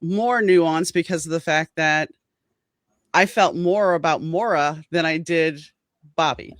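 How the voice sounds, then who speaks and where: A woman's voice: deep voice, unhurried, dry recording. A woman author speaking as an interview guest in an earnest, reflective way. The sound is dry and close, with no room around her voice. She talks through her writing process at an easy, conversational pace. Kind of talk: casual interview chat.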